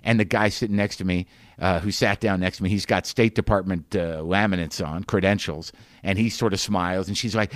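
A man with a lowish voice spins a comic monologue, stumbling over restarts and sounding disbelieving. He talks as a podcast host would to his listeners. The recording is close and dry. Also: steady tone, a bit bright, no echo. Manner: rambling, incredulous, quick restarts.

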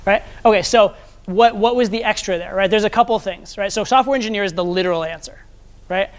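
A man's voice: high voice, a little fast, smooth. A man teaching a live seminar as a social skills coach, talking conversationally and often checking in with the audience.

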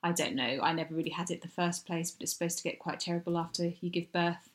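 A woman, chatting casually as a podcast co-host and telling lively stories about family life. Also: fairly low pitch, fast. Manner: chatty, animated storytelling with quoted voices. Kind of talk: casual chat.

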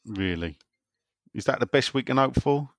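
A man hosts a podcast and reads out listener messages in a loose, chatty way. His pitch rises and falls a lot. The sound is dry and close, with no room echo. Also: animated, moderate pace. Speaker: podcast host. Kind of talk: casual chat.

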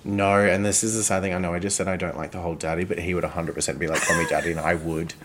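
A man's voice: sits low, level tone, rapid-fire, noisy background. A man co-hosting a podcast, chatting frankly and animatedly, swearing freely and laughing often. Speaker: podcast co-host. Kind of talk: casual, frank chat.

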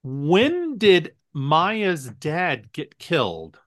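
Male podcast co-host, casual and animated, slightly higher voice, quick to laugh. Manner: laughs often, animated storytelling. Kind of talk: casual chat.

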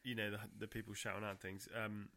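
A young man from co-hosting a podcast, chatty and quick with asides, laughing often. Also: on the low side, flat delivery, sharp tone, a little hiss or hum. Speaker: podcast co-host. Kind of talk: casual chat.

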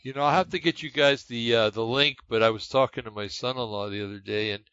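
A man's voice: mid-range voice, fast talker, a bit bright, clear, resonant tone. An older man chatting casually on a live online show, meandering and grasping for names, heard over a video call. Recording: dull lo-fi call audio.

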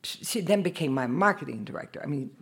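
An older woman and choreographer, telling animated stories in a live interview and acting out the dialogue. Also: low voice, fast talker, husky. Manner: animated storyteller acting out dialogue, laughing often. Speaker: choreographer guest. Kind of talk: live podcast interview storytelling. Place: live at a dance festival.

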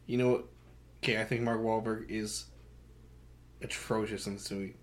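A young man co-hosting a casual film podcast, mocking and getting loud and animated as he rants. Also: fairly low pitch, moderate pace, slight background noise. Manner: mocking, gets loud and animated when ranting. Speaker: podcast co-host. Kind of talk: casual movie chat.

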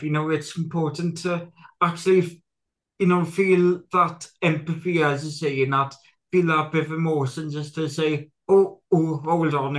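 A man with a slightly high voice hosts a relaxed chat. He talks haltingly, restarts his sentences and keeps coming back to set phrases. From Great Britain. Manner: halting, searching for words, keeps saying "as I say". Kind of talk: casual conversation.

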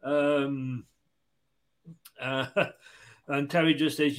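A man's voice: on the high side, expressive, normal speed, a bit bright. A man hosting a casual online quiz, joking and laughing as he explains the rules and reads comments. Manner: jokey, chatty, laughs often. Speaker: quiz host.

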